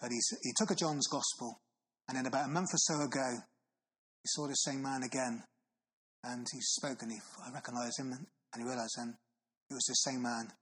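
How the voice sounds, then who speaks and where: A man preaching a sermon, earnest, asking listeners questions and slowing for solemn Bible readings. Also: mid-range voice, steady tone, a bit bright, slightly rough, low-quality recording. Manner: earnest, asks the listener questions with tag phrases.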